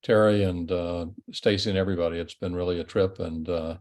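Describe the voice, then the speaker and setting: Deep-voiced, modest man on a call. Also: steady tone, a little mellow. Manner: modest, halting, with fillers. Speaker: campus medical expert. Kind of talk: brief thanks on a video call. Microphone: video call.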